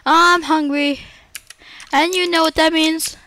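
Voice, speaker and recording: High-voiced woman narrating her gameplay. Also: steady tone, slow pace, bright, forceful tone, slight background noise. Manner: chatty, dramatic squeals and panicked repeats. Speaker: Minecraft let's-play creator. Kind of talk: gameplay commentary.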